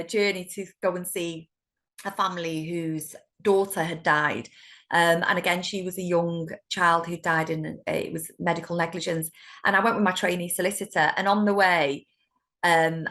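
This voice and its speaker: A middle-aged woman with a British accent, a solicitor telling stories in an interview, animated and laughing often. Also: fairly low pitch. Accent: British English. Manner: warm, animated storytelling with laughs. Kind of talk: conversational interview.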